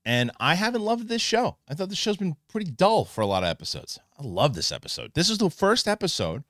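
A man hosting an online show, giving a casual spoken review of a TV episode, animated and full of restarts. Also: fairly high pitch, no echo, clean studio sound. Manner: animated, restarts often, acts out characters in quick asides.

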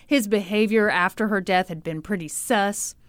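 A woman's voice: mid-range voice, moderate pace, clear, resonant tone, no room sound, studio quality. A woman podcast host telling a story with sarcastic humor and frequent laughter. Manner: sarcastic, animated, laughs often. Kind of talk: comedic storytelling.

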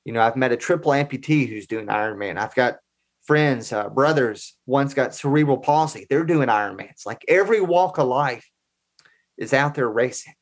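A man's voice: mid-range voice, animated, normal speed. A man in his forties telling personal stories as a guest in a casual interview, in an earnest, conversational way. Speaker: podcast guest.

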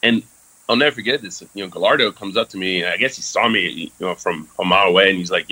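A man's voice: sits low, fast talker, sharp tone, husky, poor audio. A man from France in his thirties, a guest casually telling a candid story with many fillers and casual swearing.

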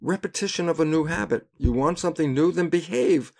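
An older man, a guest in an interview, telling lively anecdotes and acting out the voices in them. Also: on the high side, fairly quick. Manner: animated storyteller who acts out voices and laughs at his own anecdotes. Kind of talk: casual interview storytelling.

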